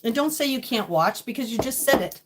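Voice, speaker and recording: A woman's voice: on the high side, animated, fairly quick, slightly rough. A woman live-streaming from her home kitchen, greeting viewers by name and talking through her feelings in casual chat. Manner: talks to chat viewers by name, emotional and venting.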